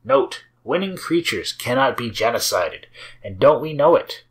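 A man hosting his own game series, chatting casually as he plays and reads through code, rambling and often laughing softly. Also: medium pitch, animated, measured pace. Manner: rambling, chatty, with frequent fillers and small laughs. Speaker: host of a game and source-code video series. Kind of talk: casual commentary while playing and reading code.

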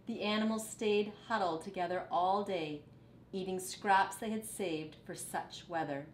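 A woman teacher reading a storybook aloud to children, expressive and unhurried, stopping to comment on the writing. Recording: echoey room with faint rumble.

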